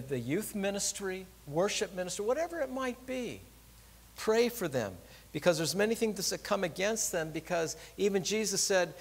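A middle-aged pastor preaching a conversational, earnest sermon in a church. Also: male voice, sits high, in a large hall. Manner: earnest, conversational, drops soft when pleading.

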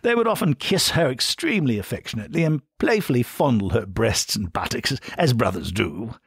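A man's voice: mid-range voice, sing-song, brisk, vocal fry, husky, no room sound, studio quality, pitched above the performer's own voice, full character voice. A man voicing a condescending, upper-class English older brother with a plummy, pompous drawl, in an audiobook reading. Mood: prim.

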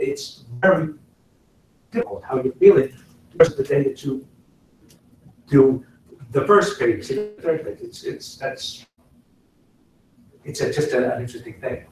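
A middle-aged man, an actor giving a casual lecture to a class, talking in an animated way and swinging between loud and soft to make his points. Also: fairly high pitch, a little slow, gravelly, long pauses, noisy background. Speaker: guest actor speaking to a class. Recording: very echoey room, from far off.

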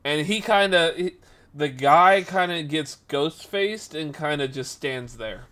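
A man hosting a podcast, telling a rambling story in a casual, animated way, correcting himself as he goes and acting out the people in it. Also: unhurried. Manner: animated, acts out the people in his story with jumps in pitch and volume. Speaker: podcast host.

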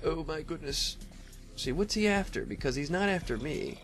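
A man's voice: a little high, expressive, normal speed, a bit bright, faint music behind. A man giving casual, rambling commentary over his own gameplay, talking to the monsters and often laughing. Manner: rambling, talks to mobs, frequent laughs and throat clearing. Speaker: Let's Play gamer.

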